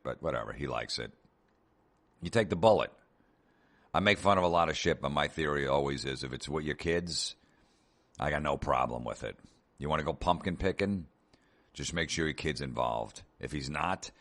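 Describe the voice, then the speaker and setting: A man with an extremely deep, low voice rants his way through a comedy podcast monologue. He talks sarcastically, swears constantly and keeps telling listeners to relax. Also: brisk, fairly bright tone. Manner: profane, sarcastic ranting. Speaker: podcast host.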